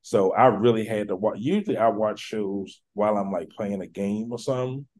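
A man's voice: fairly low pitch, normal speed, darkish tone. A man hosting a casual podcast, talking in a laid-back way and leaning on filler words. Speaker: podcast host.

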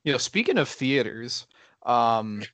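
A man's voice: mid-range voice, very animated, unhurried, a bit bright, no room sound. A young man co-hosting a casual group chat, joking and rambling with lots of fillers.

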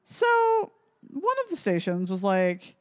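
A woman's voice: lowish voice, huge pitch swings, unhurried, no echo, studio quality. A young woman co-hosting a podcast, chatting casually and swearing a lot as she rambles through a recap. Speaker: podcast co-host. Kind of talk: casual chat about films and music.

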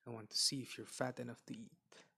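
A wicked old storybook witch, put on by a man growls and scolds in a husky, creaky voice. Her words come slow and sharp, with a bright edge. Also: mid-range voice, level tone, heavily acted. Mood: menacing. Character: cruel old witch woman who eats children.

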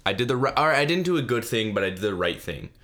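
A man's voice: medium pitch, big pitch swings, quick pace, fairly bright tone. A young man hosting a solo podcast, telling a funny story in a rambling, self-mocking way with lots of fillers and restarts. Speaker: podcast host.

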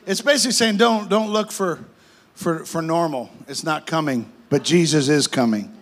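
A male pastor, preaching a fervent sermon with repeated phrases and quick restarts. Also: fairly high pitch.

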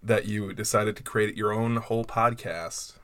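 A man's voice: on the low side, steady tone, measured pace, fairly bright tone, no room sound. A man co-hosting a podcast with dry, musing remarks in casual comedy chat. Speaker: podcast co-host.

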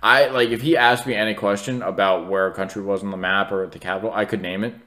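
A man's voice: lowish voice, steady tone, quick pace, bright, forceful tone. A young man in his twenties co-hosting a podcast, telling a story in casual, rambling chat full of fillers and acted-out quotes. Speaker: podcast co-host.

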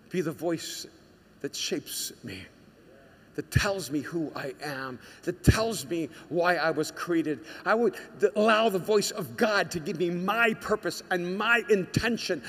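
A man's voice: on the high side, fairly bright tone, slightly rough. A man preaching a sermon with a personal story, impassioned, building his points through repeated phrases. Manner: impassioned, repetitive rhetorical cadence. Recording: long reverb of a large hall.

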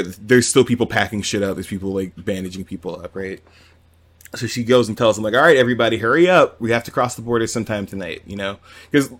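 A man co-hosting a podcast, casually retelling a manga chapter with swearing and acted-out quotes. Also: on the low side. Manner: animated storytelling with quoted voices and swearing. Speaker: podcast co-host. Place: home with cats nearby.

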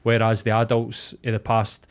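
A man's voice: lowish voice, normal speed, smooth. Swearing Scottish man telling stories. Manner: animated storyteller, swears, quotes others. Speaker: podcast co-host. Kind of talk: casual chat.

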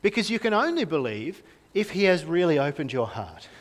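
A man's voice: on the high side, sing-song, fairly quick. A young man preaching a sermon in a conversational way, often asking the congregation questions. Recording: reverberant hall.

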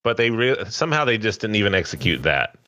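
Very deep, bright-toned man, dull dry mic. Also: fast. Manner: lively, loose recap with fillers. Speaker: podcast co-host. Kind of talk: casual wrestling chat.

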